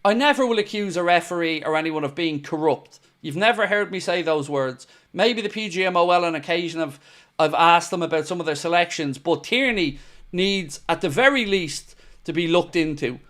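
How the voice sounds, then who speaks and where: A man's voice: on the high side, moderate pace, a bit bright. A young man hosting a live football fan show, reacting to the match and reading viewer comments in blunt, matey banter.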